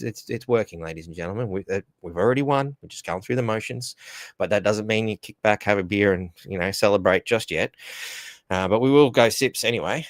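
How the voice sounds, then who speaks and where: A man's voice: on the low side, no echo. An Australian man hosting a casual solo podcast, rambling along, stammering over repeated words and chuckling at his own jokes. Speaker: podcast host.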